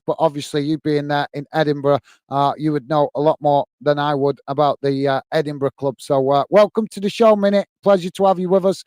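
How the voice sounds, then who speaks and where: A man's voice: a little high, darkish tone, clear, resonant tone, no echo. Chatty UK man hosting a football stream. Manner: friendly, chatty, thanks viewers often. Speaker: football channel host. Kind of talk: live stream chat reading.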